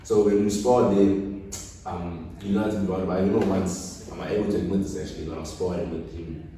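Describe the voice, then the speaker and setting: Male podcast guest, lively storyteller, dark low tone, recorded off-mic in a reverberant room. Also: fast, far from the mic, slight background noise. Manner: animated storyteller, swings from quiet to loud. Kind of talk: casual podcast chat. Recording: echoey room, speaker off-mic.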